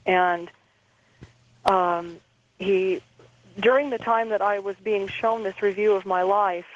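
A woman interview guest calmly recounting a personal experience, halting and repeating words as she goes. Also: medium pitch, highs cut off.

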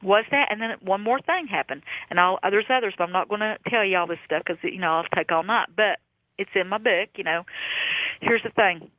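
A woman, a psychic guest on a phone-in radio interview, telling her stories in an earnest, folksy way while her voice is going hoarse. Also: mid-range voice, fairly quick, dry recording. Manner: animated storyteller, earnest and folksy. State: losing her voice. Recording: tinny phone line.

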